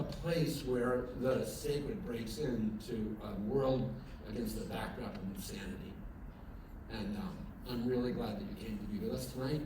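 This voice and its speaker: A male pastor gives an evening chapel sermon in a casual, storytelling way, full of ums and restarts and turning emphatic at the high points. His mid-range voice reaches the mic from far across the room. The chapel rings with heavy echo over steady room noise. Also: measured pace. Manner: conversational storytelling, many fillers and restarts; grows lively and emphatic when telling a story. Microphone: distant from the recording mic.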